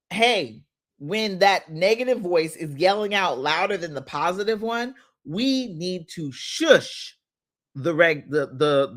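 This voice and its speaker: A woman's voice: mid-range voice, fairly bright tone. A woman life coach giving a playful motivational talk, laughing often and shushing for emphasis.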